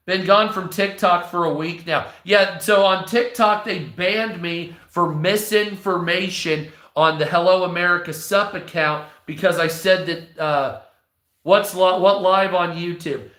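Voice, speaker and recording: Swearing, rambling guy in his 40s on a livestream, bright voice in an echoey room. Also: high voice, measured pace. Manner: profane, rambling ranting. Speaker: livestream host. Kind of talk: casual livestream monologue.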